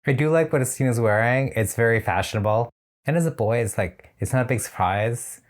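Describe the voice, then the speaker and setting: A man's voice: medium pitch, fairly quick. A man reviewing a drag competition show in a casual, chatty reaction style, with opinionated and slightly shady asides.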